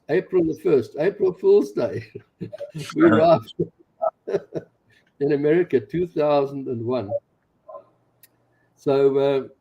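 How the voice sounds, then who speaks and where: A man in his sixties, a missionary pastor, telling his personal testimony in an animated way, chuckling along as he goes. The recording sounds dull and lo-fi. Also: mid-range voice, creaky, slightly rough.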